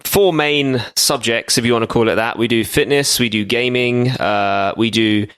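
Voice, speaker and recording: A man's voice: mid-range voice, fairly even intonation, moderate pace, fairly bright tone, clean tone. A man guesting on a podcast, chatting casually and easily, laughing often.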